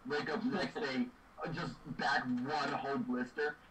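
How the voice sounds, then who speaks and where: A young man co-hosting a podcast, telling stories in a laughing, animated way. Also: medium pitch, normal speed. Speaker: podcast co-host. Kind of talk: casual storytelling chat. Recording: distant mic with noise behind.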